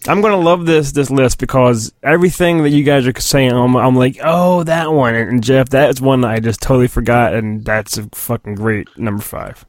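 A man hosting a podcast, relaxed and casual, laughing easily and swearing offhandedly. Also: medium pitch, moderate pace, hardly any pauses, no room sound, clean studio sound. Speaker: podcast host.

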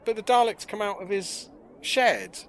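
A man's voice: sits high, animated, normal speed, a bit bright. A man co-hosting a podcast, chatting casually and mocking with jokes and little put-on voices. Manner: joking, mocking, acts out voices. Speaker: podcast co-host. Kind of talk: casual chat.

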